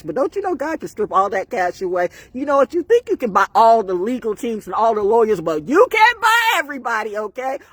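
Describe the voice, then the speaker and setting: A woman riffing on a live stream, her husky voice swinging widely in pitch as she preaches and jokes. The sound is dry and close, with no room around it. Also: no room sound. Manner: animated, preachy, riffing with laughs and bursts of song. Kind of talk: rambling live-stream monologue.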